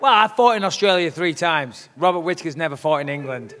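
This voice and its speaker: A man's voice: fairly high pitch, lively intonation, a little fast, pushed and bright. A man trash-talking at a press conference, brash, profane and taunting. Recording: long hall reverb.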